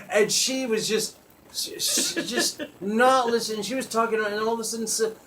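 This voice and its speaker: High-voiced guy cracking himself up telling a crazy story, cusses a lot. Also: normal speed, a little hiss or hum. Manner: animated, laughs mid-sentence, swears freely. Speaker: podcast host. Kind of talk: comedic storytelling.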